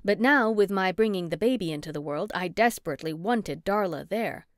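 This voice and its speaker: Woman audiobook narrator, first person, steady storytelling, dry booth sound. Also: medium pitch, fairly quick, no echo.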